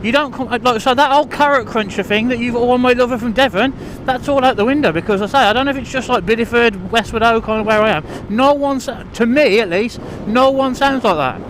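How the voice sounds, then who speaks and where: Riding a bike along country lanes, a man vlogs in a very high, fairly bright voice at a slightly fast pace, with slight background noise. His talk is a casual, rambling, self-deprecating monologue full of restarts and fillers.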